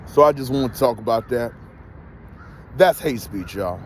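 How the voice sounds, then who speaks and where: A man's voice: mid-range voice, expressive, moderate pace, a little hiss or hum. A man ranting heatedly to his viewers in a profane, repetitive vlog monologue. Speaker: vlogger.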